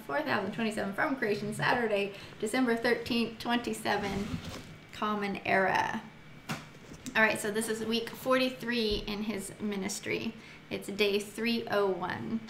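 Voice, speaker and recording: A woman's voice: medium pitch, a bit bright. Chatty woman leading a Bible study, echoey room. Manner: chatty, giggly, reads scripture aloud and muses on it. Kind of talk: casual Bible study reading. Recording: echoey room with faint noise.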